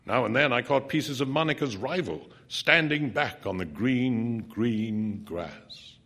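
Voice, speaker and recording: Guy doing a dramatic story reading, intense, sometimes drops almost to a whisper, mid-pitched voice. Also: lively intonation, takes it slowly, husky. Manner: intense, dropping to hushed near-whispers. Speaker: narrator.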